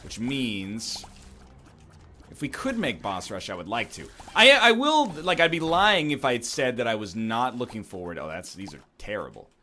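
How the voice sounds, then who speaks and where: A man's voice: lowish voice, big pitch swings, normal speed, pushed and bright, faint music behind. A man giving rambling, jokey commentary while playing a video game, full of wry asides. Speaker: gameplay commentator. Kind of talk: gameplay commentary with rambling jokes.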